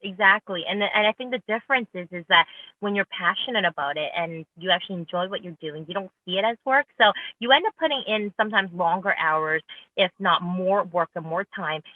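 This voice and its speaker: A woman's voice: fairly low pitch, brisk, no room sound. Eager woman guest on a tinny phone line, dry sound. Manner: upbeat, eager, many restarts. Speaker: real estate agent guest. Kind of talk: casual interview chat.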